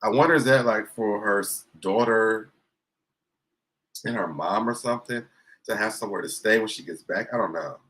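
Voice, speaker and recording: Stream host, man, somewhat low voice, sarcastic gossip commentary, chats with viewers. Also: normal speed, a bit bright, poor audio. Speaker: livestream host. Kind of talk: casual commentary reacting to clips.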